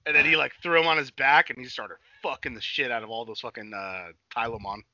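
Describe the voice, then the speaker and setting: A young man co-hosting a casual podcast, recapping a cartoon with constant swearing and sudden loud shouted quotes. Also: mid-range voice, a little fast, no room sound. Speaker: podcast co-host. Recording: dull, slightly lo-fi dry sound.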